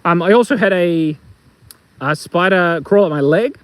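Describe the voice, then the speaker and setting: A man's voice: sits high, moderate pace, a little hiss or hum, poor audio. A middle-aged man with an Australian accent, chatting playfully on a live stream and telling jokes while outdoors in the bush. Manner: playful, rambling, tells jokes and reads chat aloud. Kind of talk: casual live stream chat. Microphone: phone.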